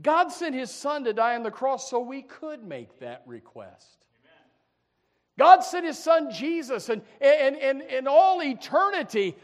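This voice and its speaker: Man preacher, high voice, fervent sermon, soft asides then loud cries, repeats himself. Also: huge pitch swings, a little slow. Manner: swings from quiet asides to loud fervent cries, many restarts.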